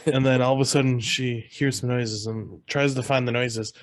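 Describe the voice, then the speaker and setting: Man, podcast co-host, casual movie chat, rambling plot recap, mid-pitched voice. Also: steady tone, moderate pace.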